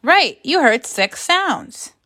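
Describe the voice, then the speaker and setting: A woman teaching a phonics and grammar lesson to young children, speaking slowly and carefully in an encouraging classroom manner. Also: high voice, big pitch swings, sharp tone.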